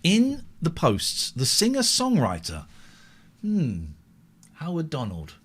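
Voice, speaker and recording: Animated rambling late-night host, man. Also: a little high, slow pace, slightly rough. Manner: rambling, animated, self-correcting. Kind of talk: casual live-stream chat.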